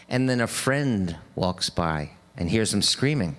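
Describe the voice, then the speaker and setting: A singer-songwriter man chatting casually between songs on a live stream, halting and rambling with many fillers. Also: medium pitch, very animated.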